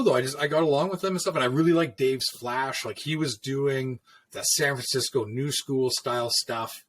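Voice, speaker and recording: A man's voice: mid-range voice, fairly bright tone, a little hiss or hum. A middle-aged man, a tattoo artist, telling shop stories in a loose, swearing, laid-back way and acting out the lines people said to him. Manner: laid-back, swears freely, acts out quoted dialogue. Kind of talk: casual storytelling conversation.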